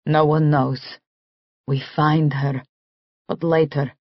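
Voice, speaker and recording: A woman voicing a brooding male assassin, speaking low, clipped broken English in an audiobook. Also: flat delivery, slow, no echo, lo-fi sound. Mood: intense. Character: brooding male Russian assassin, intense and possessive.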